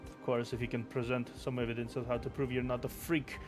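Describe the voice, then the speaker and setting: A man reading the lines of a smug, scheming male manager who loudly taunts the others. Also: medium pitch, level tone, a little fast, lightly acted. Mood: gloating. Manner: loud gloating taunts. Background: background game music.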